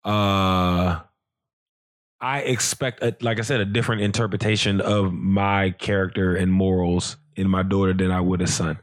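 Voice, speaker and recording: Dude on a podcast, low voice, chill and slangy, lots of ums. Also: male voice, moderate pace. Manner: relaxed, slangy, reflective, with many fillers. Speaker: podcast guest. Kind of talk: casual chat.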